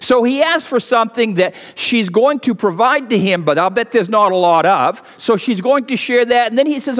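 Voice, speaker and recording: A man's voice: extremely high pitch, animated, normal speed, hardly any pauses, a bit bright. A man preaching a sermon to a congregation in a conversational style, his voice rising and dropping for emphasis. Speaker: pastor. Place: church sanctuary. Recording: long hall reverb of a church.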